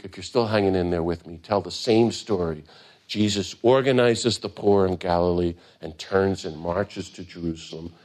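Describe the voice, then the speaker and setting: Older guy, lowish voice, passionate talk, gets loud then quiet again. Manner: earnest, rises to emphatic peaks then drops quiet. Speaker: speaker on nonviolence. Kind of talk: impassioned talk.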